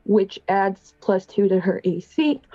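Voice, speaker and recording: Woman playing a tabletop rpg, lots of ums, mellow voice, kinda dull dry mic, faint music. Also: medium pitch, expressive, unhurried, no echo. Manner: hesitant, many ums, chatty asides. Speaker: player. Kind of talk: casual tabletop game play.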